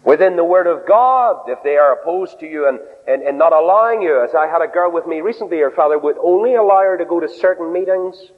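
A man preaching a sermon in an animated way. He swings his pitch up and down, acts out quoted voices and drops in humorous asides. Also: a little fast, few pauses. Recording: dull lo-fi recording in a reverberant hall.

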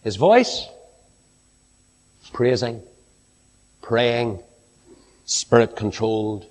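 A man preaches to a congregation, his voice swinging from high, ringing exclamations to low, hushed phrases, with drawn-out words. The recording carries long hall reverb.

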